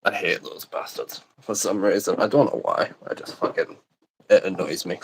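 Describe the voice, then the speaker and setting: A man's voice: sits low, steady tone, moderate pace, a little hiss or hum, low-quality recording. A man chatting casually on a friend's live stream, sweary and rambling. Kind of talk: casual chat.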